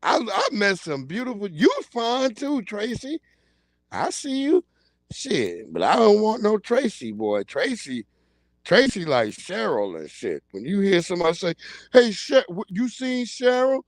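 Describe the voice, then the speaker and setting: High, lively man riffing on stream. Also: measured pace, dry recording. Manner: animated, laughing, acting out yelled quotes. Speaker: livestream host. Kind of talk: casual comedic commentary.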